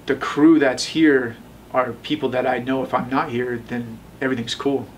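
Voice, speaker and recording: A man in his thirties telling his own story in a relaxed interview, rambling with many fillers and acting out the voices of the people he quotes. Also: mid-range voice, normal speed, far from the mic, highs cut off, a little hiss or hum. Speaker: tattoo shop owner telling his story.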